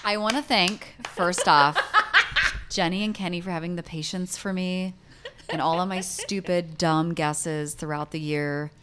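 A woman's voice: lowish voice, a little slow, fairly bright tone. A woman co-hosting a podcast in casual chat, giggly and blunt, joking with crude words. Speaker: podcast co-host.

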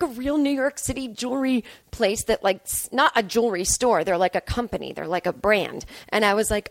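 Brisk and on the high side, a woman comedian's voice drives a rambling story at her own expense on her podcast. She vividly replays her own lines in this casual monologue, free of room sound.

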